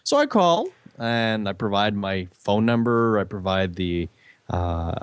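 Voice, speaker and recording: A man's voice: lowish voice, very animated, measured pace, smooth, dry recording. A man telling a story in a casual chat, acting out the quoted dialogue with animation.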